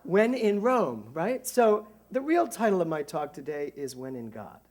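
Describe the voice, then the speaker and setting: A middle-aged man, a minister, giving a conversational sermon to a congregation, animated and joking at his own expense. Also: a little high, unhurried. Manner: animated, jokey, self-mocking. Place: church service before a congregation.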